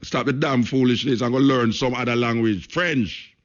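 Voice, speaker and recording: A man's voice: medium pitch, moderate pace. A Jamaican man hosting a radio talk show, speaking patois and hammering his points home by repeating himself. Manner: emphatic, repeats phrases for stress, speaks patois. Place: radio studio. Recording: lo-fi radio broadcast.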